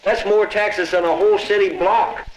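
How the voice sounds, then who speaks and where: A man's voice: high-pitched, steady tone, normal speed. A man speaking plainly and thoughtfully in a documentary interview. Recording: echoey room.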